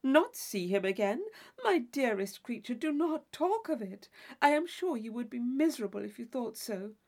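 Brief: woman reader doing an effusive young lady friend, breathless and flattering, fairly high voice. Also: normal speed. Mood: coaxing.

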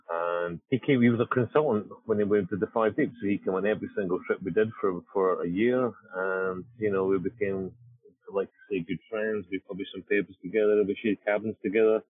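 Männlicher Co-Host, tiefe, belegte Stimme, plaudert sprunghaft über eine trockene Satellitenleitung. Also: male voice, low voice, slightly rough, no echo. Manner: rambling and repeats himself. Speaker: podcast co-host, deep-sea scientist. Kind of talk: casual talk over satellite link. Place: research ship at sea. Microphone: satellite internet call. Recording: narrow phone-like call line.

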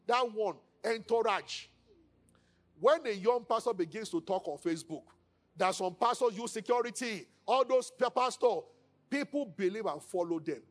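This pastor, a man with a Nigerian accent and a high voice, preaches with animation, dropping to hushed tones as he acts out the speakers he quotes.

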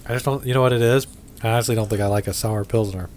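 A man's voice: fairly low pitch, fairly even intonation, rapid-fire, a little mellow, slight background noise. A man with a Midwestern American accent chats casually about beer, blunt and profane, always ready with a joke. Faint room ambience sits behind his voice. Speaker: podcast host reviewing beers. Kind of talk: casual chat.

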